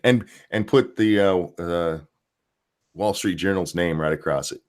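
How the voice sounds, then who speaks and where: A man's voice: low-pitched, unhurried, clean tone. A man hosting a podcast, talking in a casual, profane, rambling way about the news. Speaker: podcast host. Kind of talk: casual opinion chat.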